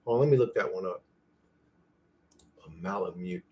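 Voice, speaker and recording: A man's voice: moderate pace, very noisy. Profane rambling man on a livestream. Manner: rambling, profane, talks to his dog in a high playful voice. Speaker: livestream host. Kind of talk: casual livestream chat with viewers.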